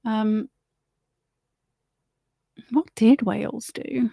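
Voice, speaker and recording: A woman's voice: fairly high pitch, steady tone, drawn-out words, gravelly, dark tone, no room sound, clean studio sound. A woman hosting her own livestream, rambling in a blunt, opinionated way and swearing freely. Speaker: livestream host. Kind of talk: casual opinionated monologue.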